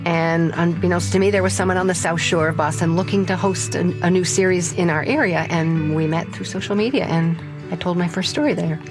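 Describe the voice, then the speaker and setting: Older woman telling a funny story about herself, lively, pokes fun at herself. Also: lowish voice, a little fast, hardly any pauses, music in the background. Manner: lively, self-mocking, humorous. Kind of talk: personal story told to an audience.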